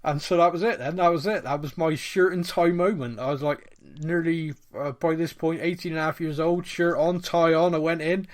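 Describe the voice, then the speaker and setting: A man co-hosting a casual chat podcast, telling animated stories and laughing often. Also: fairly high pitch, moderate pace, few pauses. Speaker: podcast co-host.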